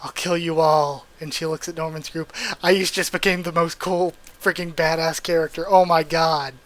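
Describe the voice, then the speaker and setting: A man reading a manga aloud and reacting as he goes, excitable and swearing, with bursts of astonishment. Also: fairly high pitch, moderate pace, low-quality recording. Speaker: manga readthrough host.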